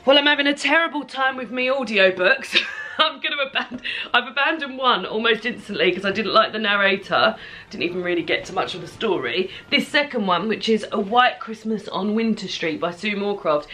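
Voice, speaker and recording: A woman's voice: medium pitch, animated, brisk, bright, forceful tone. A woman chatting casually at home in a book vlog. She rambles a little and says um often. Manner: chatty and rambling, with many ums. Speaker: book vlogger.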